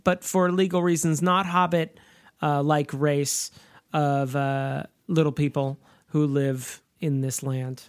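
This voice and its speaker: A man's voice: fairly high pitch, little pitch movement, slow, clear, resonant tone. A man co-hosting a podcast, recapping a film in casual chat with a wry, joking manner and frequent fillers. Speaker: podcast co-host.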